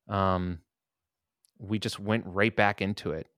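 A man with a lowish, smooth and resonant voice, talking as a guest musician in a relaxed interview. He tells loose stories and swears offhandedly, recorded close and dry. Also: slow, no room sound. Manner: laid-back storytelling, laughs and swears casually. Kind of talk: casual interview.

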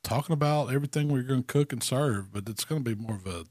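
Man, relaxed casual chat, explains things step by step, dry close sound. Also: mid-range voice, quick pace, no room sound. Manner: easygoing, explains cooking step by step. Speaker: barbecue pitmaster co-host.

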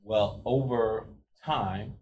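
Man, podcast co-host, slightly low voice, relaxed, explanatory. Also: drawn-out words, rough recording. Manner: relaxed, explanatory, light laughter. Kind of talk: casual chat.

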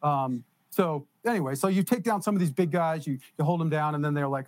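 A man telling a story in casual conversation as a podcast guest, animated and laughing as he goes. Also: a little high, fairly quick, no echo.

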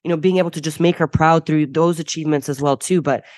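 A woman's voice: sits low, steady tone, fast talker, a little mellow, dry recording, studio quality. A young woman from the United States, a podcast guest talking candidly and emphatically with many filler words. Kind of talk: candid interview talk.

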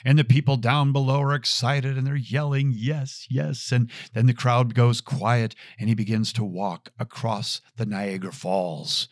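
A man's voice: mid-range voice, steady tone, normal speed, few pauses, dry recording, studio quality. A man giving an earnest Catholic podcast teaching, telling stories and repeating key phrases for emphasis. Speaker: Catholic speaker.

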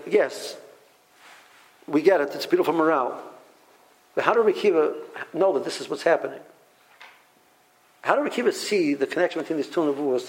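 Man teaching a Torah class, animated, somewhat high voice, frequent restarts, rhetorical questions. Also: rough recording.

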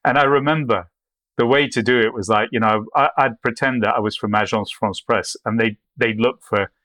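A man's voice: medium pitch, steady tone, normal speed, fairly bright tone, no room sound. A man answering interview questions with long, rambling anecdotes full of restarts. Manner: anecdotal, with frequent restarts and acted quotes. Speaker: guest, photographer.

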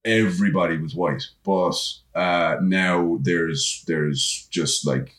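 A man's voice: deep voice, slow pace, a bit bright, reverberant. An Irish man, a podcast guest who acts, chatting frankly and swearing casually. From Ireland. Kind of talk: casual chat.

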